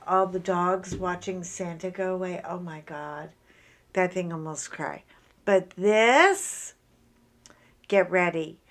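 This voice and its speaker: A woman's voice: medium pitch, pushed and bright. A middle-aged woman from Ireland chatting casually while she unboxes a craft kit, rambling through stories and asides. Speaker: craft vlogger.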